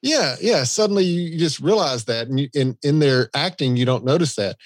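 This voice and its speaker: A man's voice: a little high, lively intonation, dry recording. Man, southern american accent, podcast co-host, agreeable and easygoing, dry close sound. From Southern United States. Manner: easygoing, agreeable, quick to laugh. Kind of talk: casual podcast chat.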